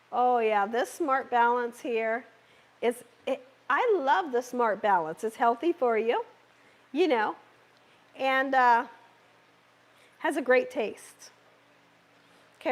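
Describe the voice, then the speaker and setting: A woman with a hoarse, scratchy voice hosts a live cooking demonstration in her home kitchen. She talks in a chatty, reassuring way and keeps checking in with her viewers. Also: sits high. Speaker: cooking channel host.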